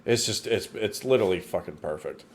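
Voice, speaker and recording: A man co-hosting a casual movie review chat, blunt and swearing, his sentences trailing off quietly. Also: deep voice, lively intonation, a little fast, crowd noise. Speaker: podcast co-host.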